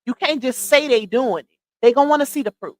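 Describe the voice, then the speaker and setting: Sassy high-voiced woman streamer. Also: brisk, low-quality recording. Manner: sassy, incredulous, addresses viewers as y'all and baby. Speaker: live stream commentary host. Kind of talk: casual livestream commentary.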